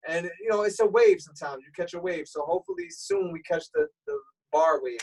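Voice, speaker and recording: Radio DJ guest, male, streetwise and easygoing, slightly raised pitch, heard from a little off the mic. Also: fairly quick, vocal fry, husky. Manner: relaxed, explanatory, streetwise talk. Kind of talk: casual interview chat. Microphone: remote call. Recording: voice a bit far from the mic.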